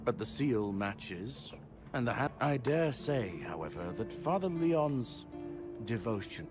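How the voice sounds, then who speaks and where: A man's voice: mid-range voice, lively intonation, takes it slowly. An actor playing a formal, skeptical male priest in a video game, speaking over background music. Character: solemn male red priest, middle-aged. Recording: game audio with music behind.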